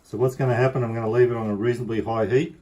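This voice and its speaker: Easygoing Australian man with mellow voice. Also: mid-range voice, fairly even intonation, very fast, dull audio. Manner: chatty, rambling, easygoing. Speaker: cooking vlogger. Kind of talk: casual cooking demonstration. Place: home kitchen.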